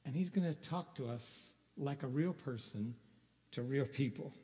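Pastor preaching in a reverberant hall. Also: male voice, mid-range voice, moderate pace, darkish tone. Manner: conversational preaching, rhetorical questions, chuckles. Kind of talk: sermon. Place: church sanctuary.

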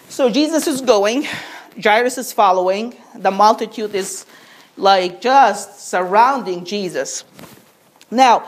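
A woman preacher delivering a sermon, asking rhetorical questions and drawing the congregation in with call-and-response. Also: medium pitch.

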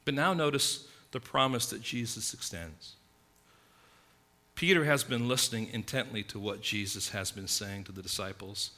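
A man preaching a sermon, emphatic, swinging between loud stresses and hushed asides. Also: on the low side, normal speed. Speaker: pastor.

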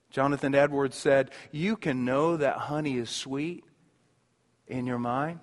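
A man preaching a sermon as pastor, swinging between emphatic passages and soft, hushed ones, and repeating words as he builds a point. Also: mid-range voice, fairly even intonation, a little slow, long reverb tail.

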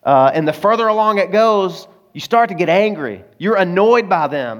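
A man's voice: sits high, very animated, moderate pace, hardly any pauses. A man preaching a sermon in a conversational way, with personal stories and frequent asides to the congregation. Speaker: pastor.

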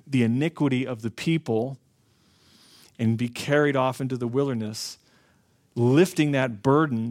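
Earnest male preacher. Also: mid-range voice. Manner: earnest preaching, slows and stresses key phrases. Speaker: pastor. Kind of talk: sermon.

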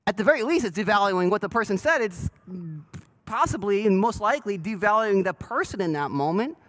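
Pastor, male, high and lively voice, chatty and self-deprecating, asks the room questions. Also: rough recording. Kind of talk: sermon. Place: church sanctuary.

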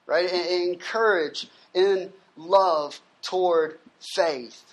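An emphatic pastor delivering a sermon at a gathering on a university campus. He reads scripture passages aloud and then unpacks them. He keeps checking in with the listeners through a steady "right?". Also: medium pitch, slow pace.

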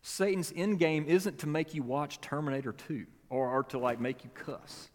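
A man's voice: a little high, fairly even intonation, moderate pace, long reverb tail. A man preaching a sermon as pastor, talking in a conversational way with folksy asides and repeated words.

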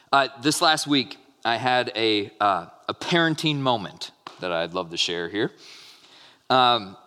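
A man in his thirties preaching a sermon, telling a story in a relaxed, conversational way with many fillers and restarts. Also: mid-range voice. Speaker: pastor. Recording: long hall reverb.

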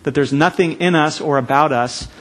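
Earnest preacher man, somewhat high voice. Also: a bit bright. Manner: earnest, emphatic, with slow stressed phrases. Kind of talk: sermon.

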